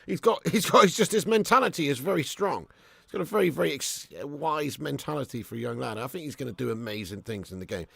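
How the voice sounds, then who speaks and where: A man hosts a live stream in a gravelly, slightly high voice, bantering loosely with his viewers. He reads out their comments and swears freely as he chats. The sound is close and dry. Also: animated, quick pace, fairly bright tone, dry recording. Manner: chatty banter reading out viewer comments, swears and laughs often. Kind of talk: casual live watch-along chat.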